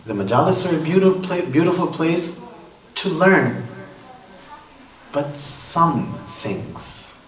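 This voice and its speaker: Expressive and slow, pausing often, a religious speaker with a slightly high voice tells joking stories in a conversational sermon. He is far from the mic, captured from a distance in a roomy hall.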